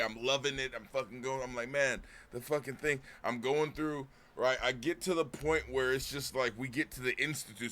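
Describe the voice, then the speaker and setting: A male streamer telling a story over his gameplay, full of swearing and sudden shouted outbursts. His voice sounds bright and forward, pitched in the middle. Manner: animated, swearing, bursts into shouting. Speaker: Twitch streamer and comedian. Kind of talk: profane storytelling while gaming.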